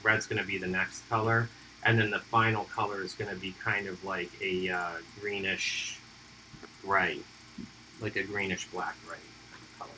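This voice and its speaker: Hiccuping through his miniature painting livestream, this host has a low voice and talks at normal speed against a noisy background. He stays relaxed, thinking aloud as he walks through each airbrush step.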